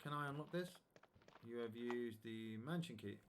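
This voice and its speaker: A man's voice: mid-range voice, animated, normal speed, slight background noise. A man streaming a video game live, chatting casually and thinking aloud about his next move. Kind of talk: casual live gameplay commentary.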